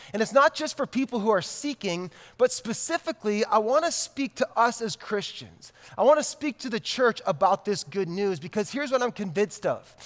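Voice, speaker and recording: High-voiced male pastor in a reverberant hall. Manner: conversational, repeats key lines for emphasis. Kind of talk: sermon.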